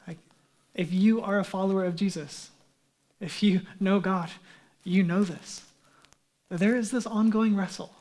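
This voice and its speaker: A man giving a sermon as pastor, in a conversational, animated way with frequent casual asides. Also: high voice.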